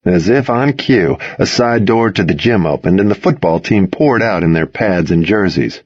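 A man narrating a first-person audiobook in a wry, measured storytelling manner. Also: low-pitched, lively intonation, a little mellow, husky, no room sound, muffled recording.

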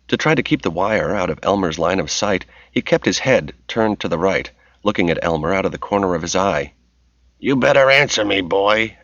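A man narrating a novel as an audiobook in a steady, measured reading voice. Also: deep voice, no echo, dull audio.

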